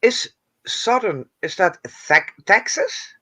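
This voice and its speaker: A woman's voice: mid-range voice, very animated, takes it slowly, bright, forceful tone, breathy edge. A woman with a Dutch accent, joking playfully on a video call. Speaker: guest. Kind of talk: casual chat on a video call. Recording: lo-fi call audio.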